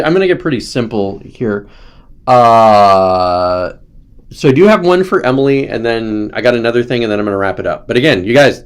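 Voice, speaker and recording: Sarcastic young guy hosting a livestream, rambly, mid pitch, mocks people with silly voices. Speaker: host. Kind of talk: casual livestream commentary.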